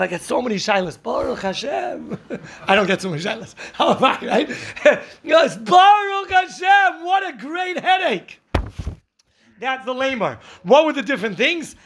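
A man, a rabbi, teaching a class on the weekly Torah portion, telling stories lively, acting out the people he quotes and mixing in Hebrew and Yiddish terms. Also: very high voice, creaky.

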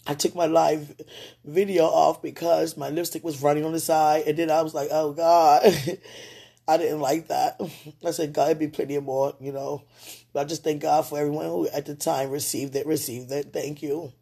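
Gravelly husky woman praying on livestream. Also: sits low, level tone, moderate pace. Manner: talks aloud to God, swings between tearful and soft. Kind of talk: emotional livestream monologue and prayer.

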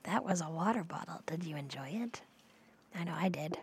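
Woman, ASMR host, whispered role-play; soft playful whisper, slight fry. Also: lowish voice, lively intonation, a little fast, slight background noise.

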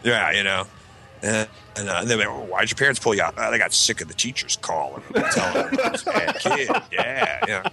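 A man telling a long story in casual chat with friends, rambling and profane, acting out shouted quotes. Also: on the low side, big pitch swings, brisk, vocal fry. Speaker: podcast co-host telling a story.

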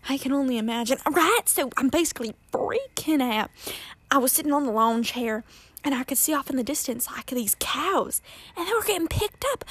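A woman telling a personal story in a casual, animated way, often dramatizing her panic and laughing at herself. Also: high voice, moderate pace, dry recording.

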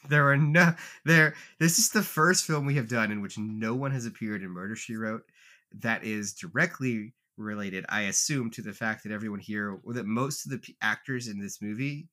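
Male podcast host, bright tone, chatty, loose and self-correcting. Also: on the low side, moderate pace. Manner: rambling, self-correcting, laid-back. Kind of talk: casual movie-review chat.

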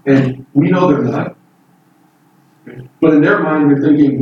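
A man's voice: mid-range voice, moderate pace, pauses often, highs cut off. A man preaching a Bible sermon in an earnest, emphatic way, voice lifting on key points. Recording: echoey room from far off with faint noise.

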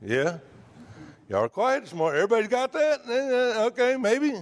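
A man's voice: extremely high pitch, lively intonation, normal speed. A man preaching a sermon in a conversational way, asking the congregation rhetorical questions.

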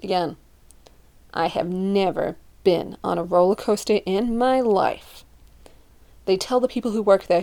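Animated young woman telling a story, mellow voice. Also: medium pitch, unhurried, long pauses. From living in Utah. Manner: animated, acts out her friends and herself in quoted voices. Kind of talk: casual storytelling.

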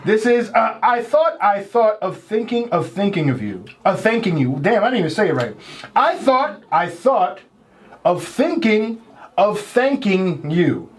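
High-pitched playful male podcast host. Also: sing-song, a little slow. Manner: playful, laughing often, talks over others. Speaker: podcast host running party games. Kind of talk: casual chat.

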